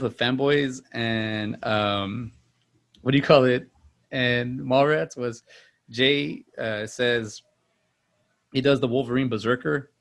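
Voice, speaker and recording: A man co-hosting a casual movie podcast, his voice gravelly and frayed at the edges. He rambles, restarts sentences and stacks up fillers as he goes. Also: mid-range voice. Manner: rambling, many fillers and restarts, acts out quotes loudly. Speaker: podcast co-host.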